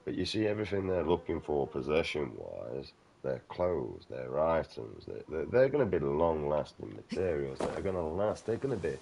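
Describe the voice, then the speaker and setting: A man's voice: extremely low pitch, big pitch swings, normal speed, gravelly, hardly any pauses, warm tone. A man chatting casually over gameplay, rambling, swearing freely and calling the listener mate. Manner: rambling, swears a lot, keeps saying "mate". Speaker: gaming channel host.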